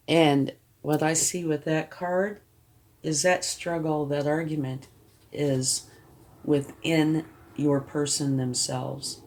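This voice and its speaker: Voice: medium pitch, a little mellow. A tarot reader giving a reading to the viewer, reassuring and often checking in, thinking aloud while turning cards.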